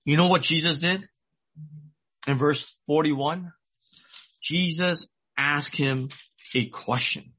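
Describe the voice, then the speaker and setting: A man's voice: fairly high pitch, slow, long pauses, pushed and bright, slightly rough. A middle-aged man preaching a sermon, retelling a story earnestly and repeating his key points. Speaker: pastor.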